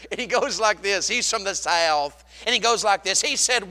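A man preaching a sermon as a pastor, animated, swinging from loud to hushed. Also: sits high, normal speed, hardly any pauses.

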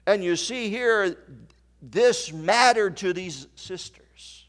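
A male pastor delivering a sermon in an unhurried, measured cadence. His voice sits a little high, and he quotes old-style scripture, swinging between soft near-whispers and ringing emphasis. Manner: quoting King James scripture.

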